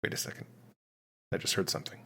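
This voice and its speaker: A man voicing a male starship captain who is uneasy and jumpy, dictating a hushed log entry as a comedic sketch. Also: quick pace, close to an everyday voice.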